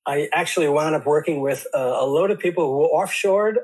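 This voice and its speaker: A man hosting a casual conversation, talking in a halting way with frequent restarts. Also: a little high, a little mellow, husky. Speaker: host. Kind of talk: casual chat.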